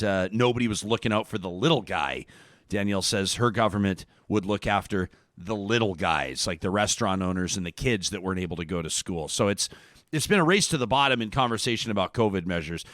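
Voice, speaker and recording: A man's voice: on the low side, fairly bright tone, dry recording, clean studio sound. A Canadian man co-hosting a podcast, chatting casually about the news with a rambling, conversational manner. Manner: conversational, rambling with restarts and fillers. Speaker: podcast co-host.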